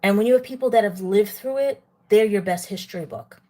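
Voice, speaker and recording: A New York woman hosting a livestream eats as she lectures her chat with an indignant tone. Her mid-range voice is warm and runs a little fast.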